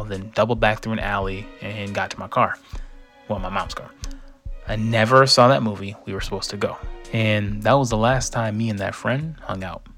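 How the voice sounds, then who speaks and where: A man's voice: lowish voice, fairly bright tone. A young man telling a first-person story in a casual, conversational way, acting out quoted lines.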